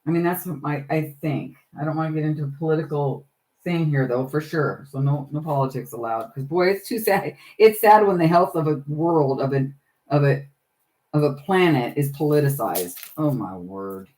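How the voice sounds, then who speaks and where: A woman's voice: low voice, normal speed, mellow. A middle-aged woman hosting a casual crafting livestream, chatting with viewers by name while she works on her journals. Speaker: livestream host.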